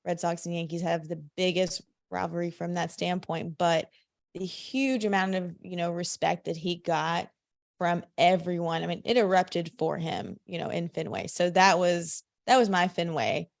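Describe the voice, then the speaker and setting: A man in a casual podcast chat, speaking softly with trailing fillers. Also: high-pitched, fairly even intonation, moderate pace, creaky, dry recording, clean studio sound. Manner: soft, trailing, filler-heavy. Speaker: podcast guest.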